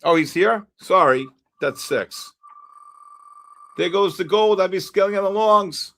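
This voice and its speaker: A man's voice: high-pitched, measured pace, a bit bright. A man hosting a live trading stream, calling out viewer names one by one like an auctioneer. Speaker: livestream host.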